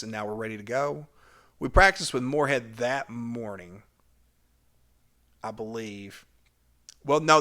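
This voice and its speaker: A young man telling a personal story about his school cheer days, vividly and animatedly, his loudness rising and falling with the tale. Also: mid-range voice. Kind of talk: storytelling vlog.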